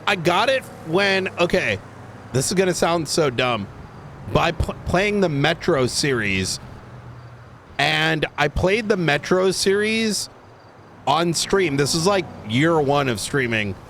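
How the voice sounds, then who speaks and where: A man's voice: on the high side, lively intonation, slow, fairly bright tone, slight background noise. A man chatting casually on a live stream, rambling with restarts and the odd swear.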